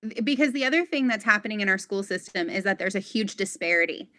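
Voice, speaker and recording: A woman's voice: medium pitch, lively intonation, fast, sharp tone, no echo. A woman guest in an interview, speaking earnestly and articulately and building her points as lists. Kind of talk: interview conversation.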